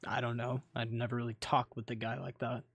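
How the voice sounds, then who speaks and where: A man's voice: mid-range voice, monotone, brisk, fairly bright tone, no room sound. London, a man voicing a blunt skeptical woman. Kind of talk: voiced Minecraft roleplay dialogue.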